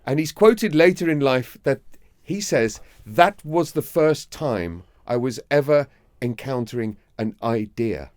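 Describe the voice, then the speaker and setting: A man's voice: mid-range voice, animated, unhurried, no echo, clean studio sound. A man co-hosting a podcast, reading out facts and chatting along. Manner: reads facts, chatty agreeing. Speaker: podcast co-host. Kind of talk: casual history chat.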